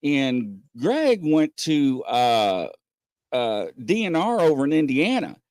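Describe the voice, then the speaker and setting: A man hosting a casual podcast, telling stories with lots of pauses and acting out what people said. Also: on the high side, huge pitch swings, a little mellow, no echo, studio quality. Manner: rambling storyteller, many "uh" pauses, acts out quotes. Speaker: podcast host. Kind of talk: casual chat.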